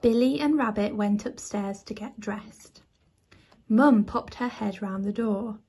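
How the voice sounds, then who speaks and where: A woman reading a children's picture book aloud as a bedtime story, soft and measured. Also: medium pitch, steady tone, husky.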